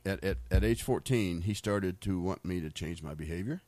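A middle-aged American man with a low, deep voice tells personal faith stories in a loose, rambling way. He restarts and repeats words and laughs now and then. The sound is dry and close. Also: normal speed, darkish tone, no room sound. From United States. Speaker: speaker sharing faith stories. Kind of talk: casual storytelling testimony.

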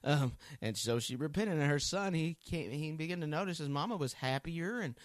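A man's voice: fairly high pitch, animated, a little fast, no room sound, clean studio sound. A man giving a conversational Bible teaching, earnest and folksy, thinking aloud as he goes.

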